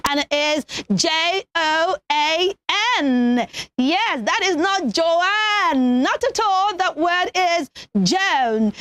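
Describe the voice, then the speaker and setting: A young woman presenting a children's TV pronunciation lesson, enunciating slowly and deliberately and cheering the kids on. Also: extremely high pitch, a bit bright, dry recording. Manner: slow, deliberate teacherly enunciation, encouraging.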